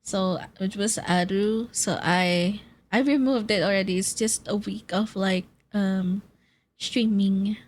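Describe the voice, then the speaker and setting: Giggly streamer woman, unhurried. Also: medium pitch, steady tone. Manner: giggly, greets chat by name, bursts of laughter. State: nauseous and dizzy. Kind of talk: casual live-stream chat with viewers.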